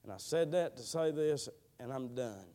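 A man preaching a sermon, telling a slow, drawling testimony that builds into fervent prayer. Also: mid-range voice, animated, warm tone.

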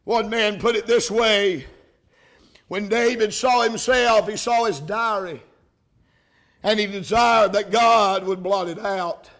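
A man preaching a revival sermon, shouting and rising to impassioned cries. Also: sits high, takes it slowly.

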